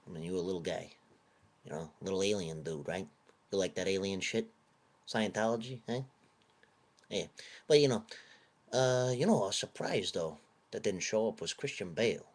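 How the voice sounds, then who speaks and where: A man ranting in a put-on Italian-American mobster accent, rambling and swearing with gruff wise-guy swagger. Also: deep voice. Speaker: vlogger. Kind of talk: comic rant in a tough-guy persona.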